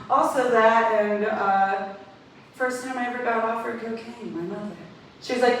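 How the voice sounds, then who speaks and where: Female stand-up, brighter pitch, dark deadpan storytelling with laughs; distant mic, heavy echo. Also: measured pace. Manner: dark deadpan jokes, often breaking into laughter. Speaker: stand-up comedian. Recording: very echoey, distant mic, faint noise.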